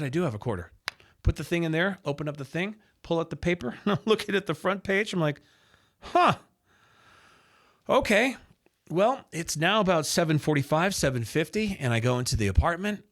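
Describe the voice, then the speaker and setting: A man in his fifties, a radio host and announcer, telling a lively story and acting out the other people's lines as he goes. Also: on the high side. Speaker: radio host and sports announcer, podcast guest. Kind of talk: animated storytelling anecdote.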